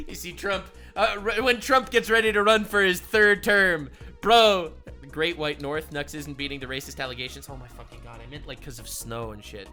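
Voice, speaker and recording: Excitable bright-voiced male streamer. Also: moderate pace, faint music behind. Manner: excitable, swearing, often laughing, swings from loud to low. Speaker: streamer reacting to clips. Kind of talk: comedic reaction commentary.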